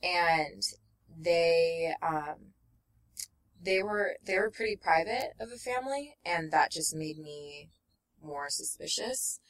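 Bright-voiced young woman telling a rambling story. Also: fairly low pitch, expressive, slow pace, distant mic. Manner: rambling, full of fillers, laughs often, acts out quotes. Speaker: guest. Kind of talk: casual storytelling chat.

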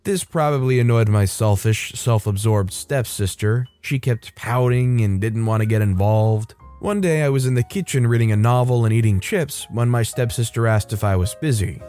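A man reading an online story aloud in first person, in a steady, matter-of-fact way. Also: mid-range voice, normal speed, hardly any pauses, soft background music. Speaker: story narrator. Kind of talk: scripted narration of a reddit story.

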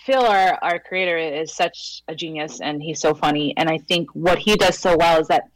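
A woman with a New York Latina accent talks in a relaxed, chatty way as a podcast guest, laughing easily and filling her speech with likes and you-knows. Her voice sits a little low. The sound is dry and close, with no room around it. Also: normal speed, dry recording, low-quality recording. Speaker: actress guest. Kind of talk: casual podcast conversation.

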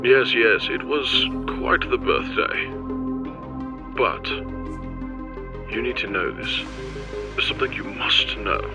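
A man game master voicing the calm, knowing double of an older professor, speaking over a phone with solemn warnings. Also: lowish voice, slow, pauses often. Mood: ominous. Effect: voice heard over a telephone. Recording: dull lo-fi sound with music behind.

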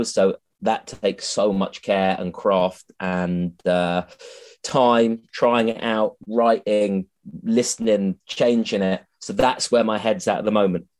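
A man's voice: lowish voice, a little mellow. A man, a comedian being interviewed on a podcast, chatty and self-mocking, swearing freely and often restarting his sentences. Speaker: comedian guest.

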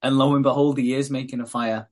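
A man's voice: medium pitch, level tone, fast talker. Sweary man recapping casually. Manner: sweary, laughing, acts out quotes.

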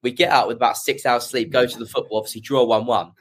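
Fast-talking young man. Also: mid-range voice, fairly even intonation, husky. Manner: rapid, rambling anecdote. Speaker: guest football fan. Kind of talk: casual storytelling.

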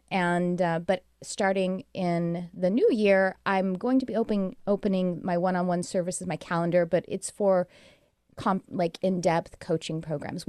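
Low, mellow-voiced woman guest. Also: clean tone, no echo, clean studio sound. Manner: earnest, rambling storyteller. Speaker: guest, animal communicator. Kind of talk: casual interview talk.

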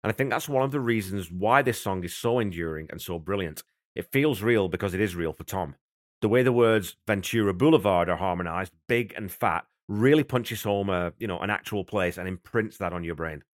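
A man with a fairly low voice hosts a music podcast, walking through a song's production in an easy, conversational way. He sounds enthusiastic about the music he is explaining. The recording is dry, with no room echo. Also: a little fast. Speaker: podcast host. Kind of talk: podcast song breakdown.

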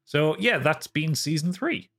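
A man's voice: fairly high pitch, lively intonation, measured pace, fairly bright tone. A man running a tabletop game, chatting casually and laughing with his players. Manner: laughing, sweary banter. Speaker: game master.

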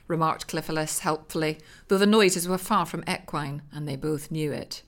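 A woman narrating a comic story in a dry, deadpan manner. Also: deep voice, moderate pace, hardly any pauses.

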